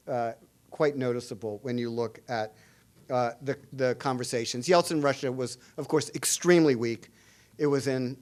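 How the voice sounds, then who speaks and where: A middle-aged man giving a public lecture as an international relations professor, speaking in a measured way with frequent "uh" fillers and restarts. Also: mid-range voice, clear, resonant tone. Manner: reads quoted dialogue aloud with added emphasis. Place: lecture hall at a public forum.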